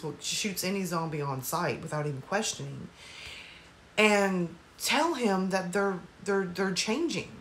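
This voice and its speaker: A woman's voice: lowish voice, slight background noise. A woman casually recapping a movie's plot at home, rambling with lots of fillers and apologetic asides. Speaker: movie reviewer.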